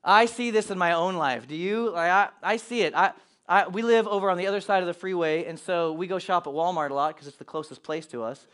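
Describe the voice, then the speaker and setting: Pastor, male, high-pitched, animated sermon delivery with acted-out asides. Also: a little fast.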